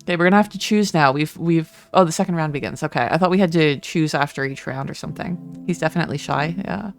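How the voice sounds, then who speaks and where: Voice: medium pitch, quick pace, vocal fry. A streamer with a Canadian accent who chats casually while playing a game, swearing and joking. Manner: chatty, self-mocking, swears. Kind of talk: let's-play commentary and reading. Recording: soft music behind.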